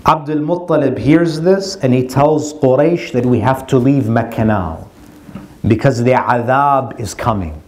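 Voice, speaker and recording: A man's voice: mid-range voice, measured pace, a little mellow. A male religious speaker telling a story in a lecture, quoting Arabic passages and translating them.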